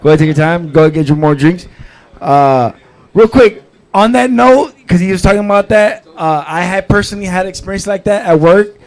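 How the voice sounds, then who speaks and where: A drunk male host with a notably high voice works the room at an open mic. He rambles loosely and shouts out to the crowd between prize giveaways, all on a live stage mic. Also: moderate pace. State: tipsy. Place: comedy club stage before a live audience.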